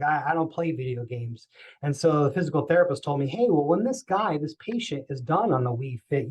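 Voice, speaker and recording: Animated man telling a story. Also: mid-range voice, poor audio. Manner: animated, acting out quoted voices. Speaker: podcast guest. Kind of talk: storytelling in a podcast interview.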